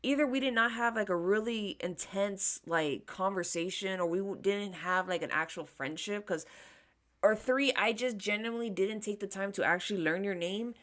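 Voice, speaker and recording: A beauty vlogger in her thirties chats through a casual storytime while doing her makeup, candid and swearing freely as she acts out the people in her tale. Her mid-range voice has a fairly bright tone and moves at a moderate pace.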